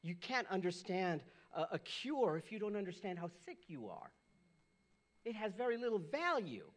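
Animated male pastor preaching. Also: normal speed. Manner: animated, shifts from loud bursts to hushed lows. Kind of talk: sermon.

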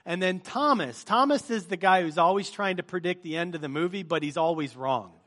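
Man preaching a lively storytelling sermon. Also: sits high, a little fast, few pauses. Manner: lively storytelling, reading scripture aloud with asides. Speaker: pastor.

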